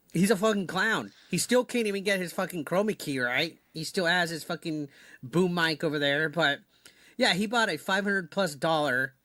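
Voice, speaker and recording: High, bright-voiced crude male commentator. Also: dry recording. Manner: crude and derisive, heavy swearing.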